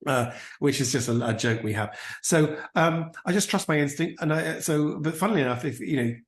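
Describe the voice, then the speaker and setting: A man, an impressionist, chatting in an animated way in an interview and slipping into brief voices. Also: fairly high pitch, a little fast, reverberant. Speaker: impressionist and actor, interview guest. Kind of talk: casual interview chat.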